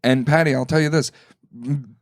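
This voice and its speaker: A man's voice: medium pitch, steady tone, normal speed, no echo. Rambling comedic man on a dry mic. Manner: rambling storyteller, slips into silly mock voices. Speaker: podcast co-host. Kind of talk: casual comedic chat.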